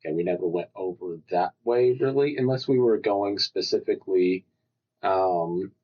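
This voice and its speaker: A man's voice: sits low, normal speed, breathy edge, highs cut off. A man co-hosting a podcast in casual chat, laid-back with dry quips. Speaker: podcast co-host.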